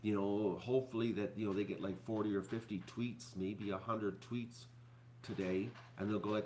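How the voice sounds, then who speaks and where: A man hosting his own channel, talking to viewers in a rambling, halting way full of fillers and restarts, sounding depressed and upset. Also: on the low side, fairly even intonation, darkish tone, a little hiss or hum. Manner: halting, repeats words, many fillers. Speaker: YouTuber host. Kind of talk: rambling live-stream talk to viewers.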